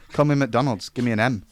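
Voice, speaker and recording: A man's voice: medium pitch, moderate pace. A man co-hosting a podcast, talking through films in an easygoing, casual way and laughing often. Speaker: podcast co-host. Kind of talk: casual film chat.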